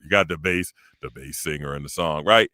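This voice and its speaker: A man hosting a casual chat, animated, breaking into sung demonstrations of vocal ranges. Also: very deep voice, fairly quick, no echo. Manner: animated, breaks into singing demos. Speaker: podcast host and parody songwriter.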